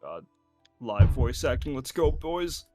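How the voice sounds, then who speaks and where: A man's voice: medium pitch, sing-song, slow, warm tone, soft background music. A man on a roundtable panel, chatting in a joking, blunt way. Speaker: panelist and game master. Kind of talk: casual roundtable chat.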